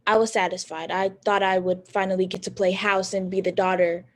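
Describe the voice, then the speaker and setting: Teen girl doing a heartfelt stage monologue, mid-pitched and steady. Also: a little fast. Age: teens. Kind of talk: personal monologue.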